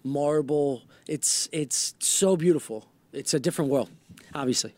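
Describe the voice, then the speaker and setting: A man's voice: on the high side, measured pace. A man telling crude travel stories in casual comedy banter, swearing and laughing often. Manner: animated storyteller, swears a lot, laughs often.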